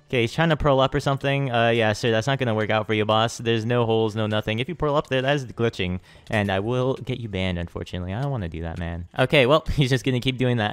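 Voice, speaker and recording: A young man hosting a gaming channel, giving excitable live commentary on his own play and hyping every win with slang. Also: medium pitch, clear, resonant tone, no room sound.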